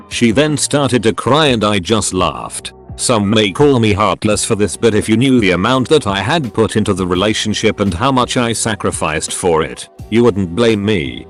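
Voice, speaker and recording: Male storyteller, low voice with lively swings, dry conversational read, faint music underneath. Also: moderate pace, hardly any pauses. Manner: dry, conversational first-person retelling. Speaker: story narrator. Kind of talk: scripted story narration.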